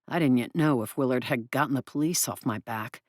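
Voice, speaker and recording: A woman narrating an audiobook in the first person, in an expressive, brisk way. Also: very deep voice, dry recording, studio quality.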